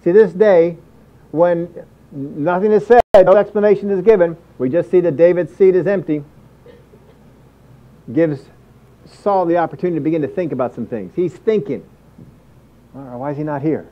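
A man's voice: high voice, normal speed, long pauses, highs cut off. A man preaching a sermon as pastor, emphatic and repetitive, often acting out inner thoughts.

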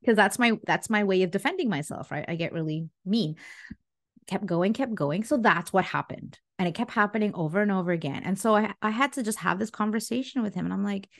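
A woman relationship coach chats as a podcast guest, telling stories with lots of energy and a frequent laugh. Her voice sits at a middling pitch for a woman. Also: a little fast, vocal fry. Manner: animated storyteller, laughs often. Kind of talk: casual interview talk.

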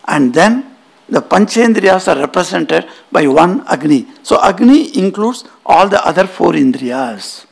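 A man's voice: high voice, expressive, a little slow, creaky, breathy edge. A man giving a spiritual lecture in an auditorium, telling stories emphatically and weaving in Sanskrit terms.

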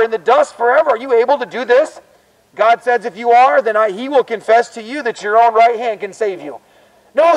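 A man's voice: extremely high pitch, poor audio. A man preaching fervently out of doors on a college campus, urging listeners to repent in an urgent, exhorting way. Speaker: street preacher. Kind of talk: open-air preaching.

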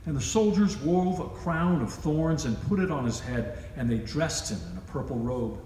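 A man's voice: on the high side, moderate pace, mellow. A man reading scripture aloud at a worship service, raising his voice for the quoted lines. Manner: raises his voice for quoted speech. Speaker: scripture reader. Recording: echoey church with long reverb, faint hiss.

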